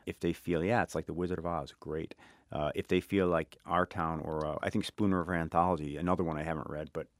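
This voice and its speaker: A middle-aged man with a South Side Chicago accent and a very low voice speaks reflectively as an interview guest. He pauses and restarts his sentences as he thinks. The recording is dry and close. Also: fairly even intonation, no room sound. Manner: thoughtful, halting, many restarts. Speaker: author guest.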